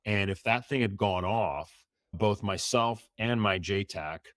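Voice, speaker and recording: A man's voice: lowish voice, a little slow, fairly bright tone, dry recording, studio quality. A middle-aged man, a former Navy SEAL, vividly retelling a story in an interview and acting out the dialogue.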